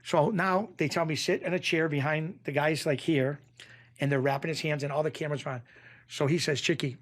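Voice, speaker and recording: As a podcast guest, a man from Springfield, Massachusetts tells an animated story, acting out other people's lines in his slightly high voice. He speaks briskly and grows excitable as the tale builds, his pitch jumping when he gets worked up.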